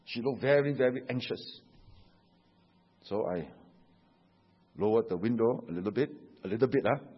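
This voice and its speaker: A Singaporean pastor preaching a sermon, telling stories in an animated way and tagging his sentences with "huh?" and "you know". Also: mid-range voice, normal speed, husky. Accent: Singaporean English. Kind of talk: sermon with anecdotes. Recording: dull echoey hall recording.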